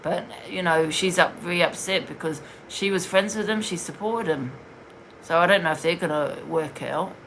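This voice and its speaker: A woman's voice: fairly low pitch, normal speed, fairly bright tone, slight background noise. A woman hosting a casual livestream, talking bluntly and rambling with swearing. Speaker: livestream host.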